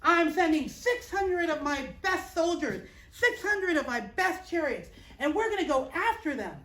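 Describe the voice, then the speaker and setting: A woman's voice: very high-pitched, lively intonation, unhurried, a bit bright, pitched above the performer's own voice, exaggerated voice. A woman voicing a proud, indignant king of Egypt who makes outraged demands. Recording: roomy, distant mic.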